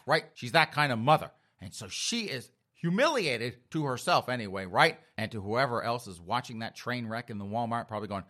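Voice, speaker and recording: A man hosting comedic news commentary, spinning stories in a mocking, theatrical way. His pitch moves wide and lively, and his tone is bright and sharp. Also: a little fast, hardly any pauses. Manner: mocking, storytelling, addresses listeners as folks. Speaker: host.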